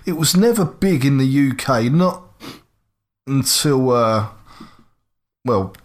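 A man's voice: mid-range voice, expressive, slow pace. A man co-hosting a podcast, asking questions in easygoing casual chat. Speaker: podcast co-host.

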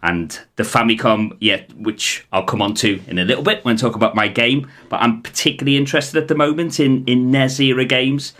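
A Scouse man co-hosts a podcast, his talk chatty and meandering with frequent restarts. He speaks at medium pitch in a steady, slightly bright tone, a little fast and with hardly any pauses.

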